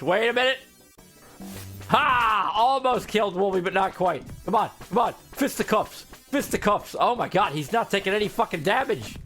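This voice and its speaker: Excitable high-voiced male gamer. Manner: excitable, joking, swears freely, puts on character voices. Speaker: gaming streamer. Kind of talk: casual gameplay commentary. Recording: faint game music behind.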